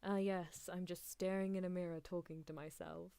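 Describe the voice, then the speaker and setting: A woman on an ASMR stream, rambling in a soft voice and giggling often. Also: fairly low pitch, little pitch movement, moderate pace, gravelly, clear, resonant tone, no echo. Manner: rambling, giggly, self-deprecating.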